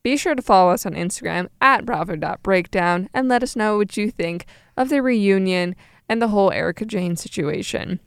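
Young woman podcast cohost, smooth clear voice, dry close sound, gets animated. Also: medium pitch, normal speed, no room sound. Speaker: podcast co-host. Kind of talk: casual chat recapping a reality show.

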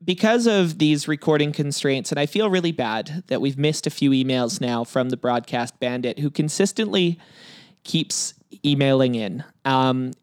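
A man's voice: mid-range voice, moderate pace, dry recording, studio quality. A man co-hosting a podcast in casual, joking chat, rambling with plenty of fillers. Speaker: podcast co-host.

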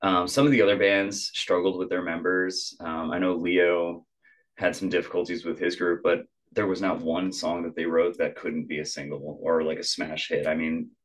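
A young adult man, a musician appearing as a podcast guest, tells a story in casual chat. His low voice moves at normal speed, and he animatedly acts out quotes, using lots of "like" fillers.

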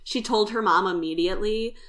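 A woman's voice: mid-range voice, a little fast. Young woman co-host, easygoing and agreeable, keeps the recap moving. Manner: relaxed, agreeable, steers back to notes. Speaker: podcast co-host. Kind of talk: casual chat.

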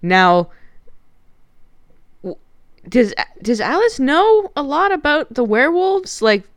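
A woman's voice: high voice, big pitch swings, takes it slowly, no echo, clean studio sound. A woman co-hosting a casual podcast, retelling a movie plot and acting out the characters' lines with frequent laughs. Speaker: podcast co-host.

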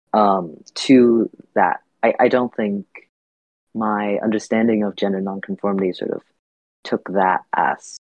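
A man's voice: lowish voice, darkish tone, dry recording. A man from Vietnam, a podcast guest, talking thoughtfully and hesitantly with many fillers and restarts, in dull lo-fi audio. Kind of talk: reflective podcast conversation.

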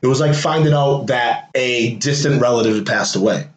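This is a man in his late thirties speaking in a casual personal monologue. He is candid and conversational, with fillers and a dry laugh here and there. His voice sits at an ordinary middle pitch and carries a noticeable room echo. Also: normal speed. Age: late 30s.

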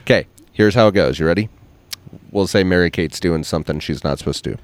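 A man co-hosting a podcast in casual chat, a parent who acts out quotes with lively emphasis, recorded on an outdoor patio. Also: deep voice, a little fast. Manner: animated storyteller, acts out quotes. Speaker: podcast co-host. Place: back patio outdoors by a fire.

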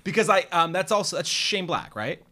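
A man hosting a casual film podcast, animated and self-deprecating, swearing freely. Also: high-pitched, fairly quick. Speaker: podcast host.

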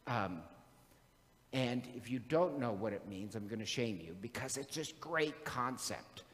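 A man's voice: mid-range voice, lively intonation, unhurried, in a large hall. A man preaching a sermon in a chatty, joking storytelling manner.

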